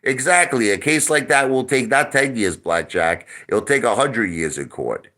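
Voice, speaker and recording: A man's voice: medium pitch, lively intonation, moderate pace, pushed and bright. A middle-aged man ranting on a livestream, boastful and mocking, with crude insults and repeated lines. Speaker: online video host.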